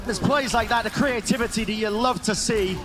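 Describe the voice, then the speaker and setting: A man doing fast, excited play-by-play commentary on an esports match. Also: high-pitched. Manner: excited, builds to shouts on big plays. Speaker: esports caster.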